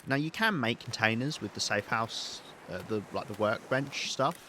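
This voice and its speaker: A man streaming a survival game live, chatting loosely and thinking out loud as he plays. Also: mid-range voice, animated, normal speed, a little hiss or hum. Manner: chatty, rambling, thinks aloud while playing. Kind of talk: live-streamed let's play commentary.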